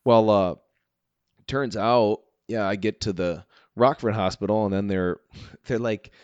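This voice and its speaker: A low-voiced man spins a wild story in a relaxed chat, chuckling often and sprinkling in "dude" and "like". The sound is close and dry with no room around it. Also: a little slow, smooth, no room sound, muffled recording. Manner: animated storyteller, laughs often, says "dude" and "like". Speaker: guest telling a story. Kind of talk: casual chat.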